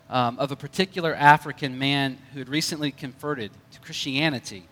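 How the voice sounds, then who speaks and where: A man's voice: a little high, a bit bright, big-room sound. A male pastor preaching a conversational sermon with light jokes.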